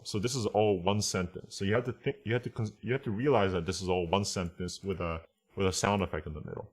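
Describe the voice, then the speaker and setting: Man, low voice, casual translation lesson, explains step by step, keeps asking "right?". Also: steady tone, fast talker, few pauses. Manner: reads Japanese phrases aloud. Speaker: translation teacher.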